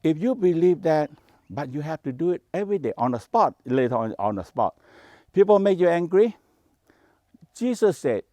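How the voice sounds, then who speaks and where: A man's voice: medium pitch, animated, normal speed, a little mellow, dry recording, studio quality. A man teaching Taoist meditation practice, speaking English with non-native grammar in short, repeated phrases. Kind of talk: spoken teaching to a workshop.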